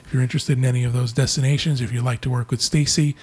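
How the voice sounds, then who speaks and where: Man, podcast host, husky, casual panel chat, relaxed. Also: medium pitch, rapid-fire. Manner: relaxed, wraps up show with thanks.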